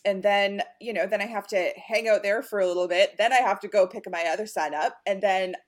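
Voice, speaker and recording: A woman in her thirties in casual conversation, animated and quick to laugh, acting out her kids' voices. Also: medium pitch. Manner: animated, laughs often, acts out her kids. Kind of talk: casual chat.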